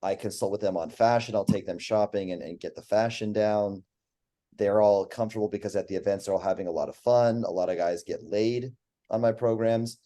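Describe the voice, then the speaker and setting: Low, mellow-voiced man rambling. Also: steady tone, fairly quick. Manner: rambling, profane, list-heavy talk. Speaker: guest, online dating coach. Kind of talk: casual podcast chat.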